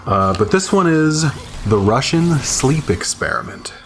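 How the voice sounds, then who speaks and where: A man reads a dark tale aloud with deliberate, dramatic pacing, his voice at an ordinary middle pitch. Between passages he slips into loose, joking chatter and quick laughs. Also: very animated, a little hiss or hum. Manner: laughs often, playful banter between readings. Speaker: channel host reading horror stories. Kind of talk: dramatic reading with casual asides.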